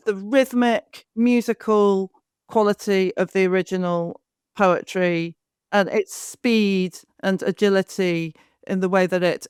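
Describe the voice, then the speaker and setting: A woman's voice: mid-range voice, clean tone, no room sound, clean studio sound. A woman co-host summing up points and asking long, winding questions of her guest. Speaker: podcast co-host. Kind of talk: interview conversation.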